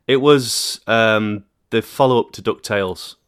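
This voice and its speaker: A man hosting a casual chat podcast, animated and jokey, laughing often and leading into new topics. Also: on the low side, a little slow, smooth. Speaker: podcast host.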